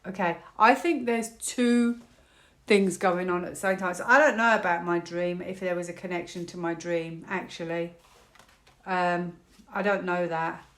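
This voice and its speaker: In an echoey room, a British woman gives a casual tarot reading to camera, thinking aloud in a rambling, half-laughing way. Her voice is fairly low in pitch, with a steady tone and a moderate pace.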